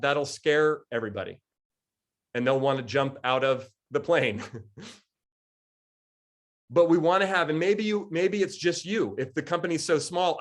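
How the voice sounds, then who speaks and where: Animated man coaching a group. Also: on the high side. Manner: lively, acts out quoted voices, laughs often. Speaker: coach and speaker. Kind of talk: live coaching talk to a group.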